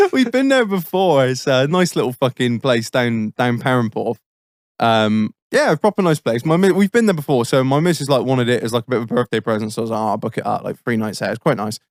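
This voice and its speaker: A man's voice: mid-range voice, big pitch swings, normal speed, no echo, clean studio sound. Sweary Englishman telling rambling tales. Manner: swears constantly, rambling anecdotes with frequent laughs. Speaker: podcast host. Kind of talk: casual podcast storytelling.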